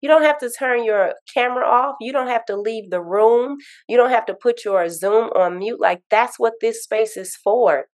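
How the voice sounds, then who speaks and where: A woman grief coach talking in an interview, earnest and animated, telling stories and repeating affirmations. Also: a little high, normal speed, hardly any pauses. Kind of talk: interview conversation.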